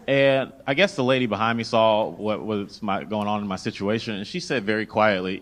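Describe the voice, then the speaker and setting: A man's voice: fairly low pitch, fairly quick, hardly any pauses, noisy background. A young man from the American South performing a stand-up comedy set in a club, telling stories and acting out the voices of people he meets. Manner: animated storytelling, acts out voices of people in his stories. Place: comedy club stage with laughing audience.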